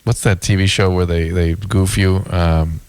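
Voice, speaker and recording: A man in his forties co-hosts a late-night radio show as a doctor, with a lowish voice. He explains things calmly and easily. The studio sound is close and dry. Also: unhurried, clear, resonant tone, no room sound. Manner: calm, explanatory, easygoing. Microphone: studio broadcast microphone.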